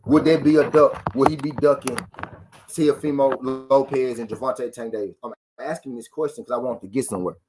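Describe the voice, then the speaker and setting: A man's voice: medium pitch, steady tone, brisk, background noise. A man hosting a boxing talk stream, ranting casually to his viewers with profanity, rhetorical questions and lines repeated for emphasis.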